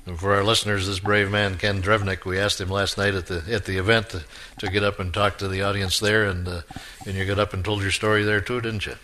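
A man hosting a radio interview show, asking encouraging questions with halting fillers. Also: fairly low pitch, little pitch movement, pushed and bright, a little hiss or hum.

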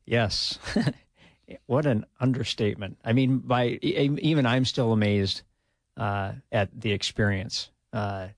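A man's voice: medium pitch, measured pace, no echo. A man, a retired army officer talking modestly in a radio interview, chuckling often. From Minnesota, USA. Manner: relaxed and modest, chuckles often, many "uh" fillers.

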